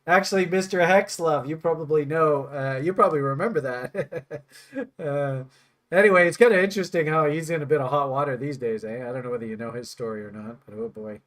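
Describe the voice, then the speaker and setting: This trading instructor and host has a slightly high, somewhat bright voice and talks briskly. He teaches in a loose, rambling way, joking and thinking out loud with lots of fillers.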